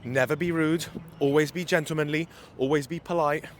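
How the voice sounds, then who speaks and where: A man's voice: a little high, fairly even intonation, brisk, slight background noise. A man giving dating advice as a coach in a walking vlog, filmed on a handheld phone outdoors, emphatic and repeating his key points. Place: city street outdoors.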